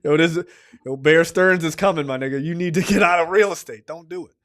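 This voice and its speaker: Animated man retelling scenes. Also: on the high side, brisk. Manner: animated storytelling, acts out quotes, swears freely. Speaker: podcast co-host. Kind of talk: casual movie review chat.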